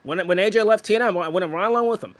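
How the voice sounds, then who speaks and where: Brief: young male podcast co-host, higher-pitched, excited rambling fan talk, dry close sound. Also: racing, dry recording. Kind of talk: casual podcast chat.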